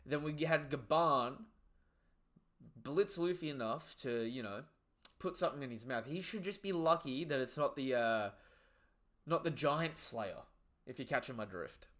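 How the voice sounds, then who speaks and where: Excitable young guy with a bright voice. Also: mid-range voice, measured pace. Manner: excitable, slangy, profane, trailing off into asides. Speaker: live reaction streamer. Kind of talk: casual live reaction commentary.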